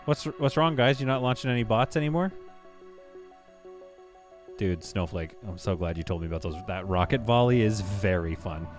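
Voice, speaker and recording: A man's voice: on the low side, expressive, moderate pace, soft background music. A man streaming a game live, chatting casually, laughing often and reading viewer comments aloud.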